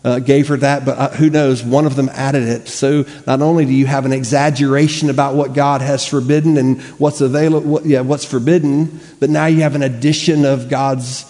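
A man's voice: mid-range voice, level tone, a little fast, few pauses, mellow. A male pastor preaching a sermon earnestly, using rhetorical questions and emphatic repetition. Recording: long reverb of a large hall.

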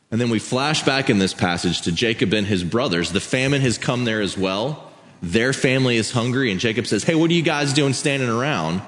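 A man with a very low voice reads scripture and preaches a sermon. He keeps a steady, measured pace, and his words ring out with a long reverb through a church hall. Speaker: pastor.

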